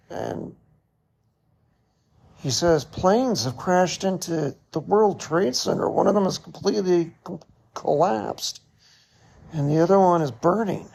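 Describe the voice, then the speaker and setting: A middle-aged man hosting a podcast, telling a personal story in a slow, reflective way with short laughs. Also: a little high, darkish tone. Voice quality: gravelly, husky. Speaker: podcast host.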